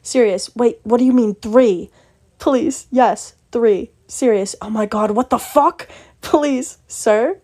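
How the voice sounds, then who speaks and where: A woman's voice: fairly high pitch, normal speed, mellow. A woman doing a put-on British accent, reading fan posts aloud for comedy and naming each speaker before their line. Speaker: content creator.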